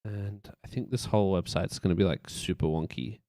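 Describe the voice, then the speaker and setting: A gravelly, mellow male voice that sits low moves at a quick pace, recorded dry with studio quality. While live-streaming his work on a website layout, he rambles loosely, thinks aloud, and adds playful sound effects.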